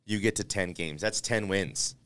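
Male sports talk host, animated and joking, smooth voice, dry close recording. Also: low-pitched, moderate pace, dry recording. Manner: animated, playful, thinks aloud with restarts. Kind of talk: casual sports debate.

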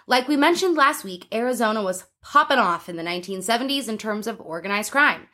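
A woman's voice: fairly high pitch, expressive, brisk, sharp tone. Woman, podcast host, casual true-crime chat, giggly storyteller. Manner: giggly, laughs often while telling the story.

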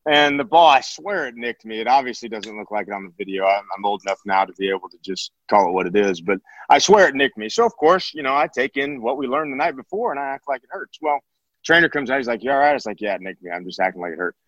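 A man in his thirties, a former college catcher turned high school teacher, telling stories in a podcast interview with many restarts and fillers. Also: expressive, quick pace, fairly bright tone, no room sound. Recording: dull, dry podcast audio.

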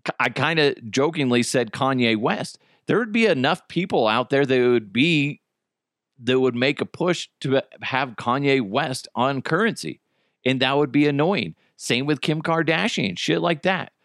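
Animated, profane American man ranting. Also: mid-range voice, a little slow, dry recording, studio quality. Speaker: podcast host. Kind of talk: casual comedic rant.

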